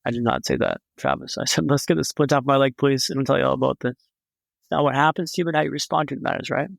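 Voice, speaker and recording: A man's voice: mid-range voice, fast, vocal fry, dry recording. A young man, a podcast guest, telling a story in a vivid, dramatic way with wry humor. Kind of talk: storytelling in a conversation.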